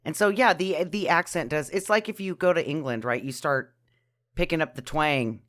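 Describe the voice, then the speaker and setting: A woman co-hosting a movie-review podcast, musing in a soft, hesitant way. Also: low-pitched, normal speed. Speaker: podcast co-host. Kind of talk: casual movie-review chat.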